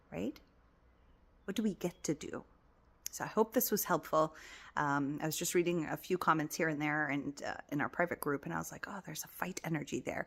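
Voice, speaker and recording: A woman with a slightly low voice talks gently as a spiritual coach in a casual motivational chat. She speaks with affection and keeps repeating her encouragements. Her voice often sinks to a near whisper. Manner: repetitive, encouraging. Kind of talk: casual motivational talk to camera.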